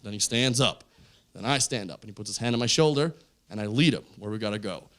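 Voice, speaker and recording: A man in his forties from Canada, performing stand-up on stage, telling stories animatedly and jumping into loud, high character voices. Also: fast talker. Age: 40s. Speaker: stand-up comedian. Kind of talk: stand-up storytelling. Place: stage of a comedy show.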